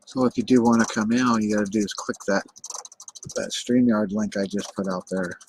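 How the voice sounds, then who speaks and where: A man's voice: fairly low pitch, steady tone, brisk, slight background noise, poor audio. An American man hosting a casual livestream chat, loose and talkative, swearing now and then and repeating words as he goes. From United States. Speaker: livestream host.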